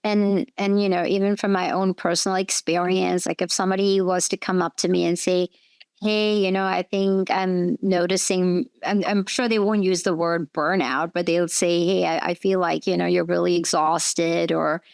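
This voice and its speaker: Gravelly-voiced woman host, low, dry. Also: steady tone, moderate pace, darkish tone, no room sound. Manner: agreeable, many "yeah" and "you know" fillers. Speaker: host, physician. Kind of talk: conversational interview.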